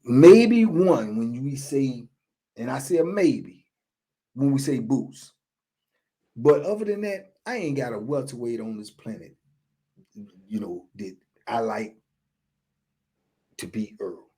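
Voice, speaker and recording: A man in his fifties, a guest on an interview, talking casually and with animation, often asking "you know what I'm saying" and sometimes dropping to a low murmur. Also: animated, unhurried, pauses often, warm tone. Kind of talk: casual boxing talk.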